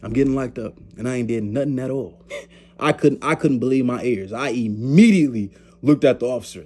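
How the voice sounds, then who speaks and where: With a medium-pitched voice that has a breathy edge, this young man speaks briskly in his vlog. He tells a loose, slangy story with frequent laughter, acting out others' quoted lines.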